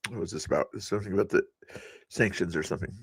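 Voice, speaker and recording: Low, dry-voiced man rambling on stream. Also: very fast, breathy edge, no echo. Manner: rambling, with frequent fillers and chuckles. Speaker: live streamer hosting political commentary. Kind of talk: casual live-stream commentary.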